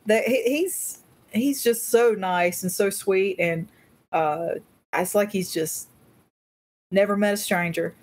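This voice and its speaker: A woman's voice: mid-range voice, slow pace. A woman, co-hosting a casual chat and telling rambling stories. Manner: rambling, warm storyteller with restarts. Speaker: volunteer coordinator, co-host.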